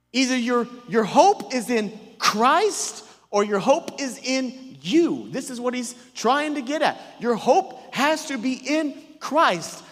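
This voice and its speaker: A man's voice: very high-pitched, fairly bright tone, big-room sound. A male pastor preaching a sermon with emphatic call-and-response questions and joking asides, sounding a little sick. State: sick, voice strained. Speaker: senior pastor. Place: church auditorium stage.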